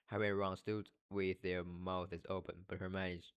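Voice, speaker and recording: Man learner reading a novel aloud: low voice, halting, trips over and repeats words. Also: level tone, smooth, muffled recording.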